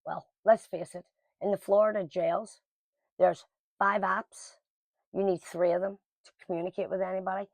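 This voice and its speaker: A woman's voice: medium pitch, moderate pace, creaky, no echo. A middle-aged woman telling a personal story to camera in a casual, blunt and emotional way. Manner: emotional, blunt, lively quoting of others.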